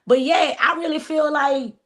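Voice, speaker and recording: A blunt woman in her forties with a fairly high voice, holding forth in casual live-stream podcast chat. She swears freely and acts out the people in her stories as she talks. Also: fairly even intonation, normal speed, a bit bright. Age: 40s. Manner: blunt, profane, storytelling with acted-out quotes. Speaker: podcast cohost.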